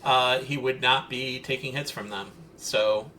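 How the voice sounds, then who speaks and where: A man with a bright, forceful voice co-hosts a casual podcast and picks apart details with plenty of ums and uhs. A faint hum of room noise sits behind him. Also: mid-range voice, fairly even intonation, unhurried. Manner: analytical, nitpicky, many uhs and ums. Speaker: podcast co-host. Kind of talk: casual comic-book discussion.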